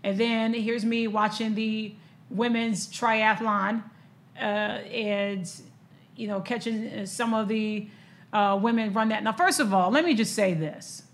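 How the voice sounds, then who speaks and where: A woman's voice: mid-range voice, fairly even intonation, unhurried. A woman, chatting casually about sports news, emotional and full of fillers and restarts.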